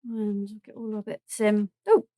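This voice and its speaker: A woman's voice: mid-range voice, steady tone, measured pace, dark tone, dry recording. A woman with a southern English accent chatting through a live craft demonstration, thinking aloud and joking at her own mess as she works. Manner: chatty and self-deprecating, thinking aloud while working.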